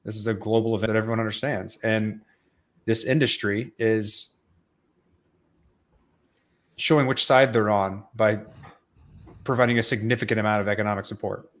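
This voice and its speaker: A man's voice: fairly low pitch, steady tone, normal speed, long pauses, a bit bright. A man co-hosting a podcast in casual chat, earnestly explaining at length. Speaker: podcast co-host.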